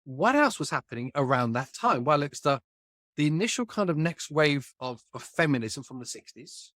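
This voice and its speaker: A man's voice: on the high side, big pitch swings, moderate pace, fairly bright tone, no echo, clean studio sound. A man, an author talking as a guest in a casual conversation, speaking in an emphatic and colloquial way.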